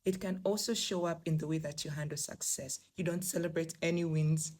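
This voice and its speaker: A woman's voice: low-pitched, steady tone, brisk, a little mellow. A young woman from Africa giving emphatic, encouraging career advice straight to her viewers in a vlog. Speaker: remote work vlogger. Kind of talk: direct-to-camera advice vlog.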